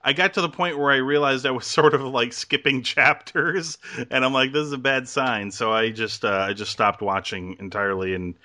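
A man with a bright, forceful voice chats loosely on a podcast. He rambles, restarts his sentences and laughs often. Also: mid-range voice, moderate pace. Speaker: podcast host. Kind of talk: casual chat.

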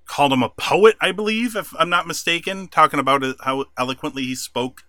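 A man's voice: on the high side, a little fast, sharp tone, no echo, studio quality. A man co-hosting a podcast, animatedly recapping a wrestling show in casual chat and laughing often. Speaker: podcast co-host.

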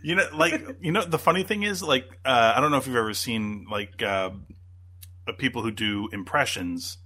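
A man's voice: medium pitch, normal speed, pushed and bright, slightly rough. A man co-hosting a podcast, chatting casually and rambling with lots of fillers and restarts. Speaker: podcast co-host. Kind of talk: casual chat.

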